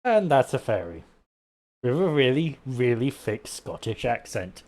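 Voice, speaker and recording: A man's voice: mid-range voice, very animated, unhurried, darkish tone. A man streaming a game, reacting casually and reading the on-screen dialogue aloud, stumbling and restarting over words.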